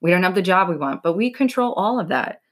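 A woman's voice: lowish voice, animated, fast, a bit bright. Blunt, swearing young woman podcaster. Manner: blunt, swears freely, lots of "like". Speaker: podcast host. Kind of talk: casual motivational talk.

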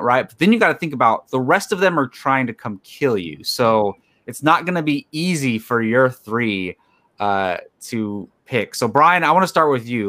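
A man's voice: mid-range voice, fairly bright tone. A young man hosting a casual podcast chat, enthusiastic and laid-back as he leads the segments. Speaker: podcast host.

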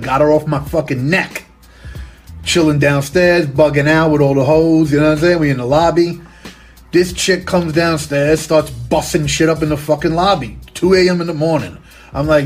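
A man's voice: fairly high pitch, moderate pace, faint music behind. A young man casually telling a crude story, full of street slang and profanity, with frequent "you know what I'm saying.".

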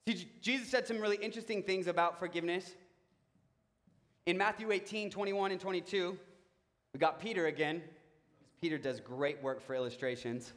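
A young adult man preaching a sermon, telling stories about himself in a relaxed, joking way. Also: sits high, fairly quick, pauses often. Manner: conversational, self-mocking storytelling. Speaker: pastor. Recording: long reverb of a large hall.

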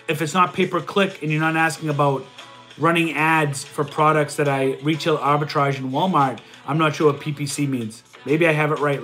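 A man hosting a casual livestream, reading viewers' comments and answering them in a loud, energetic way, working sums out aloud. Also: fairly high pitch. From Italian heritage. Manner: loud and energetic, says he yells. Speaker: livestream host answering chat.

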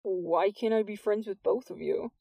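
A wry teenage boy, as a woman narrator puts him on for a storybook reading, deadpan and teasing, with easy, unhurried delivery. The sound is close and dry. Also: mid-range voice, vocal fry, no echo. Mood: puzzled.

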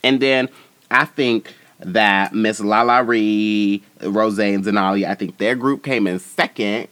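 A man hosting a podcast, giving a sassy, profane and animated recap of a show. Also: lowish voice, takes it slowly, clean tone, no echo. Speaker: podcast host.

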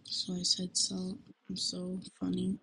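A woman's voice: fairly low pitch, completely flat delivery, measured pace, gravelly, heavy background noise. A woman hosting her own podcast at home late at night, rambling in slangy, self-mocking casual chat. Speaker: podcast host.

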